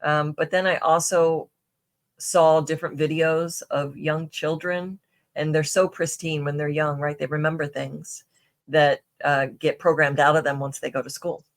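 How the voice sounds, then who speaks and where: A woman's voice: sits low, little pitch movement, unhurried. Chatty woman telling a personal story. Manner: chatty, many fillers and restarts, asks "right?". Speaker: podcast guest. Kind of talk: casual interview storytelling.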